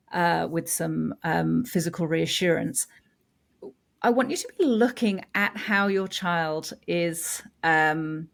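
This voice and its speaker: A woman with a lowish voice and a gravelly, creaky edge talks through advice on a podcast. She pauses often and fills the gaps with filler sounds. Her pace stays measured as she explains. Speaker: infant sleep consultant co-host. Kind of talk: casual podcast chat.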